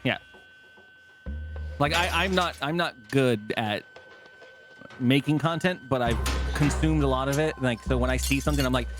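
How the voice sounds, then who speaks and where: A man's voice: mid-range voice, moderate pace, pauses often. Profane rambling male streamer. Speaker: streamer host. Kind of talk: casual gameplay chat. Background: game music.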